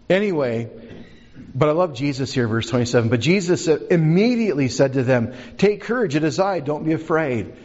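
A man's voice: a little high, a little mellow, muffled recording. Conversational male pastor preaching. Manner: conversational, asks the congregation questions. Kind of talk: sermon.

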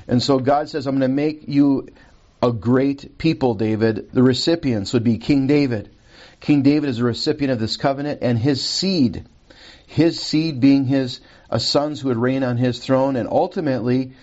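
A man's voice: mid-range voice, a little mellow, dull audio. A man teaching a recorded Bible lesson from a handout, reading scripture aloud and checking his notes as he goes.

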